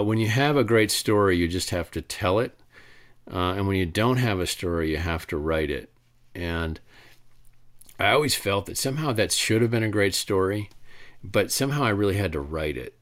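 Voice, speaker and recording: Brief: middle-aged man, low voice, rambling anecdotal storyteller at a talk, lots of restarts. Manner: rambling, many restarts and fillers, animated retelling. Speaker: author giving a talk.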